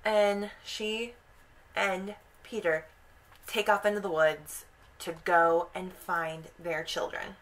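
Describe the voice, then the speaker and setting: A woman's voice: medium pitch, slow pace, fairly bright tone, slight background noise, rough recording. A young woman hosting a casual vlog, animatedly retelling a story and slipping into the characters' voices. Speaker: video host.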